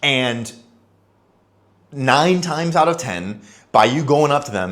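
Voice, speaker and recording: A young man speaks straight to camera in a relaxed, chatty vlog. He sits at an ordinary middle pitch, rambles loosely, and slips into little acted-out exchanges as he goes. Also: takes it slowly. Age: young adult. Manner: chatty, loose and conversational, acts out little dialogues. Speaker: expat vlogger. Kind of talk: casual advice vlog.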